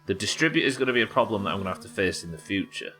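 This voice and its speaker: A man's voice: lowish voice, lively intonation, very fast, pushed and bright, soft background music. A man from England, streaming a game live and thinking aloud as he chats with viewers. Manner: muttering to himself, thinking aloud. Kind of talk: live gameplay commentary.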